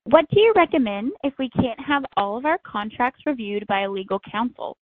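A woman moderating a webinar, who reads questions and closing remarks in a smooth, prepared way. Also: fairly high pitch, animated, fairly quick, no room sound. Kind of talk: reading scripted closing remarks. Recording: dry tinny phone-like audio.

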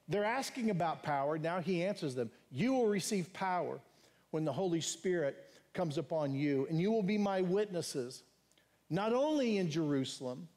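A man's voice: high voice, a little mellow. A male pastor preaching a sermon in an earnest style, repeating phrases and lifting his voice for emphasis. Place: church.

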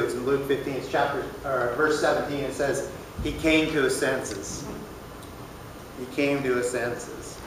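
A man's voice: on the high side, pushed and bright. A man teaches a church recovery group in a loose, plain-spoken way, checking in with the room as he goes. The sound is very reverberant and distant, with faint room noise underneath. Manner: conversational, plain-spoken, asks the room questions. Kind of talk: casual sermon teaching. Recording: echoey room, voice from far off.

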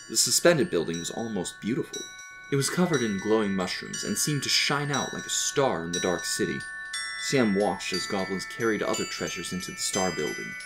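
Low-voiced man narrating a fantasy tale, steady and expressive, soft music bed. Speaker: storyteller. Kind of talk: scripted fantasy story narration.

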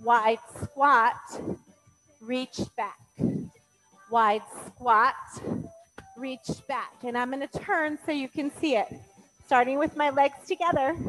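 A high-pitched woman guides an exercise class at an unhurried pace, calling out each move and cheering people on. She sounds a little out of breath, with faint music playing behind her. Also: a bit bright, rough recording. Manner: encouraging, counting out moves. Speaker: fitness instructor.

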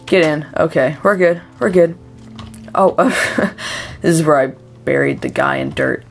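Young woman rambling thru a game she's playing, lowish voice, gets all shrieky and panicky when stuff attacks. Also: measured pace, gravelly, long pauses, faint music behind. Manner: chatty, excitable, shrieks when startled. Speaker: gameplay commentator. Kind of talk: let's play commentary.

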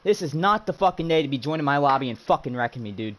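A man streaming a racing game rants furiously at another player, swearing without pause. His voice is fairly high and bright, fast, with lively intonation.

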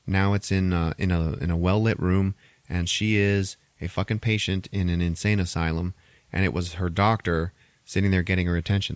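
A man's voice: low voice, fairly even intonation, normal speed, no room sound. A man hosting a podcast, retelling a film plot in a rambling, profane, casual way full of filler words. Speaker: podcast host. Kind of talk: casual movie recap.

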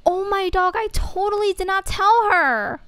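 A woman's voice: very high-pitched, expressive, a little slow, sharp tone, no room sound, pitched above the performer's own voice, exaggerated voice. A woman voicing a bewildered teenage schoolgirl who stammers out her protests. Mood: pleading.

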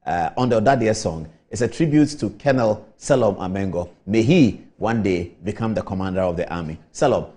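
A man's voice: fairly low pitch, expressive, a little fast, few pauses, mellow, husky. A man with a Ghanaian accent hosting a TV talk show, telling a rambling, apologetic story in a casual on-air monologue.

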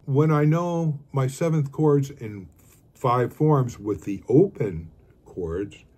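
A man's voice: medium pitch, slow. An older man giving a casual guitar lesson, rambling and counting beats aloud as he plays. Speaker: guitar teacher.

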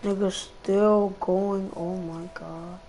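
A man's voice: high voice, level tone, slow, dark tone, slight background noise. A man in casual gameplay chat, brash and profane, trash-talking his friends in a party chat. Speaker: gamer chatting in party chat.

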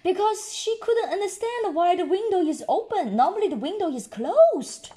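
A woman reading a picture book aloud to a child, gently explaining words along the way. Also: very high-pitched, very animated, normal speed. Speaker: storyteller.

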